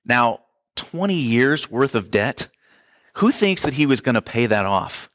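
A man's voice: mid-range voice, very animated, measured pace, a bit bright, dry recording, clean studio sound. A man preaching a sermon as pastor, in a conversational way with asides to the congregation.

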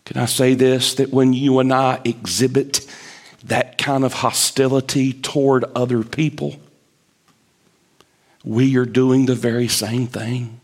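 A man preaching a sermon, emphatic, climbing high as he drives a point home and acting out the prophet's complaints. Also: level tone, a little slow.

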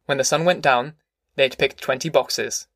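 A man narrating an audiobook novel in a steady, measured way. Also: mid-range voice, dry recording, clean studio sound. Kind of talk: scripted narration.

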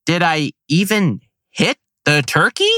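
A man's voice: a little high, measured pace, no room sound. Man telling a hunting story. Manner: animated, slangy, acts out his own thoughts. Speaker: hunter telling a story on a podcast. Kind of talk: casual storytelling.

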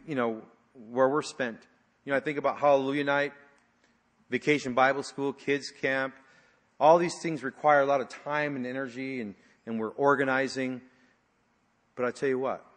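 Brief: male pastor, mid-range voice, chatty storytelling sermon, long hall reverb. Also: mid-range voice. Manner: conversational storytelling with frequent fillers, dropping to hushed tones.

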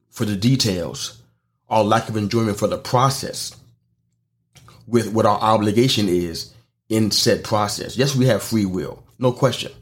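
Lower-voiced man preaching conversationally. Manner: conversational preaching with rhetorical questions. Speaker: podcast host and preacher. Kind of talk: podcast sermon.

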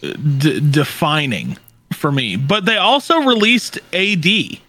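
A man's voice: on the high side, huge pitch swings, a little slow, bright, forceful tone. A man co-hosting a podcast in casual chat, playful and keen on music, breaking into sung snippets. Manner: playful, sings snippets, enthusiastic about bands. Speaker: podcast co-host.

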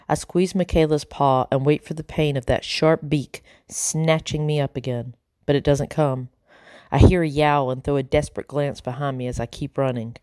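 Give me a calm low-voiced woman narrating a storybook, dry and close. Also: no echo. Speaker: audiobook narrator.

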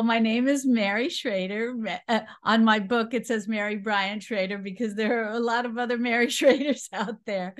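A woman in her sixties from New York City with a New York accent, chatting as an interview guest with frequent laughs and fillers. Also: mid-range voice. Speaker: guest, cooking teacher. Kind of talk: casual interview chat.

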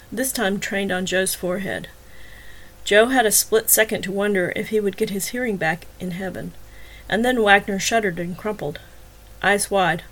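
Woman narrating an audiobook. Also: medium pitch. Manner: even, measured storytelling.

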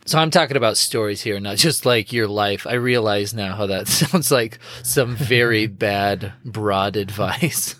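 Slow, laid-back male podcast host. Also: on the low side, no echo, studio quality. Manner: relaxed, laughs often, trails off and restarts. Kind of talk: casual chat.

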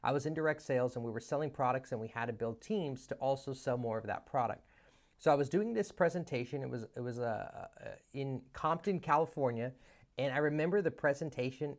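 A business coach in his thirties tells a story in a casual, animated monologue, frequently restarting sentences and acting out the dialogue. His mid-range voice runs a little fast.

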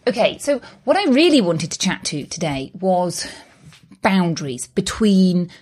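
A woman's voice: on the low side, very animated, a little slow, a little mellow, husky. A woman in her thirties, speaking as a host in a solo motivational talk, earnest, reassuring and conversational.

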